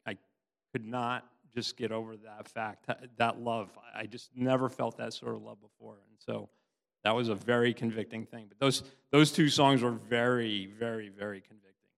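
A middle-aged man giving a tearful, halting personal testimony in church. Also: medium pitch, fairly even intonation, gravelly. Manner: halting, many restarts, laughs often. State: tearful, sobbing at times. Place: church hall. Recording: long hall reverb.

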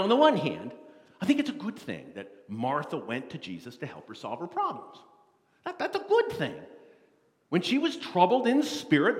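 A man preaches a sermon in a high, very lively voice, swinging from loud bursts to hushed lines. His words ring out with a long reverb from a large hall. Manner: animated, dramatic, acts out quotes in a rising voice.

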